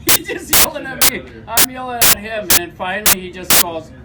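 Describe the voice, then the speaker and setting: Guy telling a wild story to friends, swears a lot, pitch all over the place. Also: brisk, far from the mic, loud music behind the voice, poor audio. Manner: animated, profane, acts out quotes. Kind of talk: casual storytelling among friends. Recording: loud background noise.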